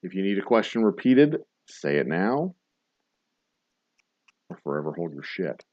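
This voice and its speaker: A man with a low voice hosts a bar trivia stream. He reads each question slowly, repeats it, and jokes and swears casually in between. His pitch moves around a lot, and the sound is dry and a little dull. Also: very animated, dry recording. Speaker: trivia host. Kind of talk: livestream trivia hosting.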